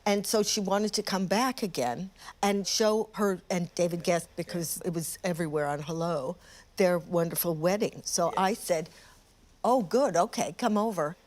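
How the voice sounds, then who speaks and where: A woman's voice: lowish voice, steady tone, moderate pace, a little mellow. An older woman presenter looking back on her past interviews, candid, wry and self-mocking, in a reflective documentary narration.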